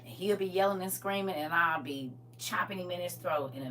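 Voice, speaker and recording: Heard fairly quickly through a distant mic with a little hiss or hum, a woman gives a fervent testimony. She shifts from shouting to low, intense talk and back, repeating herself emphatically again and again.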